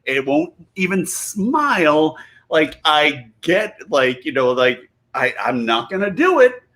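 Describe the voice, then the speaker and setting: A man's voice: on the high side, sing-song, slow pace, a bit bright. A man in his thirties, a comedian guest, telling a story while a bit tipsy, rambling, cutting himself off and laughing mid-sentence.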